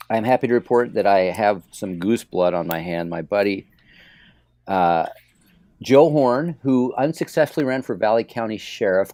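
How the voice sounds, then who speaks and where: A man hosting a hunting podcast, telling stories in a relaxed, joking way. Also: on the low side, no room sound. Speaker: podcast host. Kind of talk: casual hunting podcast chat.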